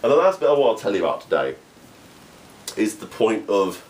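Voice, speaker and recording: Young English man, amateur stand-up; animated delivery with lively pitch, quick laughs, restarts. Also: slight background noise. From England. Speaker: amateur comedian. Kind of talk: storytelling comedy monologue.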